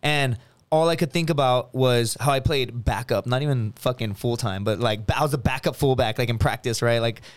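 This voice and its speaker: A man's voice: medium pitch, normal speed. A man, a podcast guest, telling a profane story in casual chat, acting out the voices in it. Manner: animated, profane, acts out quotes.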